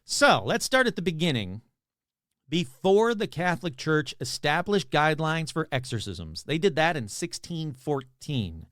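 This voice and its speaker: Animated, chatty male podcast host. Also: a little high, unhurried, no echo, studio quality. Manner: chatty, rambling, self-deprecating. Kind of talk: casual podcast monologue.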